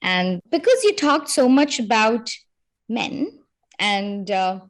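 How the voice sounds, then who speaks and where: A woman's voice: a little high, sing-song, slow pace. Woman hosting a podcast interview, supportive, encouraging replies. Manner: supportive, with soft backchannel sounds. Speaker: podcast host. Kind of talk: interview conversation.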